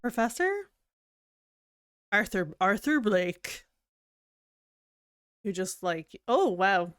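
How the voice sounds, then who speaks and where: A woman's voice: mid-range voice, animated, extremely slow, a bit bright. A woman streamer chatting casually over a game, often mocking the characters. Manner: chatty, laughing, mimics characters. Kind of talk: casual gameplay commentary. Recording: faint game music behind.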